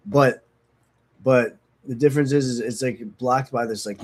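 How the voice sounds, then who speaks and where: A recovery vlogger talks to the camera in a fast, medium-pitched male voice. He's candid and casual about recovery, frank and profane, rambling and poking fun at himself, and sniffly from opiate withdrawal.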